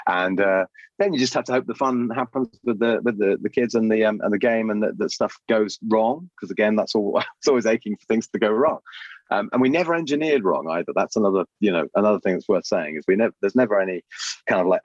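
Male podcast guest, low raspy voice, animated storyteller, lo-fi dry line. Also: dry recording. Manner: lively, animated storytelling with quick voice changes. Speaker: guest, puppeteer and voice artist. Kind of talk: casual interview chat. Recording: dull lo-fi dry sound.

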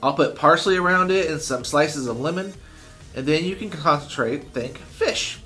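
A man's voice: on the high side, moderate pace, sharp tone, soft background music. A man reading an eager boy chanting. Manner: coaxing, chanting repetition. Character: boy eager to cook worm.

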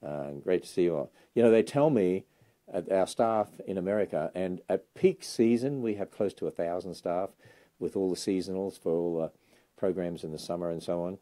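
Inside a bookstore, a ministry leader in his sixties with an Australian accent gives a livestream tour, chatting casually and enthusiastically with plenty of "uh" fillers. His voice is low and mellow at a moderate pace.

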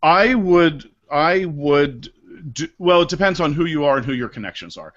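A man's voice: a little high, normal speed. A middle-aged man from Maryland, a real estate broker, talking as a guest in an interview and acting out little asides as he tells stories. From Maryland, USA. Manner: lively, animated storytelling with acted-out asides. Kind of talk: interview over a live video call. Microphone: video call. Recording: slightly dull lo-fi video call audio.

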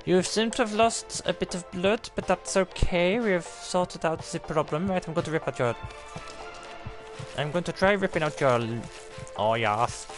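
A man's voice: high voice, moderate pace, music in the background. A man giving playful, rambling commentary on a live game stream, talking like a clumsy surgeon and often restarting his sentences.

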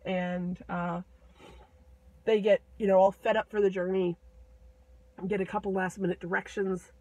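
A woman's voice: mid-range voice, flat delivery, unhurried, darkish tone, dry recording, far from the mic, poor audio. A woman casually retelling a fairy tale in a chatty, irreverent way, full of fillers. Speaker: storyteller.

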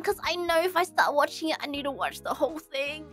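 A young woman guest in a casual chat, reacting quickly and speaking emphatically. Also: high-pitched, lively intonation, a bit bright, faint music behind. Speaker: guest streamer.

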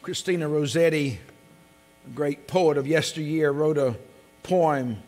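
A man preaching a sermon, his fairly high voice ringing through a big reverberant church hall. He reads scripture slowly and with force, then drops almost to a murmur when he prays. A low mains hum sits under the recording. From came to North Carolina at seventeen. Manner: emphatic preaching, swelling loud on scripture and dropping soft in prayer. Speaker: pastor. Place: church sanctuary.

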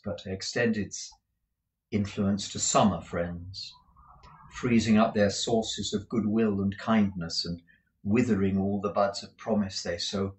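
Lower-pitched man reading a novel aloud. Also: low-quality recording. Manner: frequent restarts and self-corrections. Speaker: audiobook reader.

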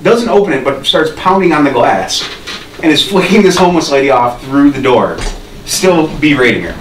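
A man's voice: fairly high pitch, sing-song, normal speed. Podcast co-host, male, loose rambling storyteller, roomy distant sound. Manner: rambling, laughing storyteller with restarts. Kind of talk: casual storytelling. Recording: roomy, distant mic with faint noise.

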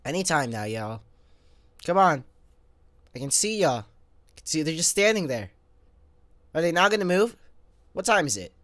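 A young man giving let's play commentary, excitable, talking straight to viewers and grumbling at the game, with fits of sneezing and coughing. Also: a little high, normal speed, pauses often, no echo. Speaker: gamer.

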